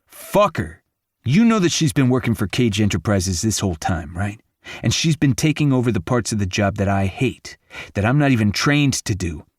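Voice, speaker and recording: Male reader voicing a blunt buddy, gruff and scolding, dry read. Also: lowish voice, sing-song, normal speed, darkish tone, no room sound. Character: blunt, protective male best friend.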